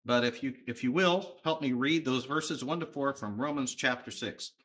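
A man preaching a sermon, conversational and emphatic, with thoughtful pauses. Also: medium pitch, a bit bright. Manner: emphatic, conversational with fillers, pausing.

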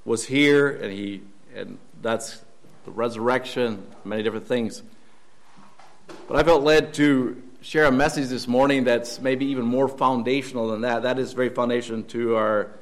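A man delivers a Sunday sermon in an earnest, searching way. His voice sits at an ordinary middle pitch. He stops and restarts his phrases and repeats his questions as he presses his point. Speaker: preacher. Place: church.

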